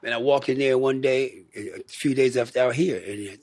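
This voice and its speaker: A man's voice: mid-range voice, fairly quick, dry recording. An older American man from Michigan, a guest musician, telling rambling stories in a casual interview and acting out what people said. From Michigan, USA. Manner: rambling, animated storyteller who acts out quotes.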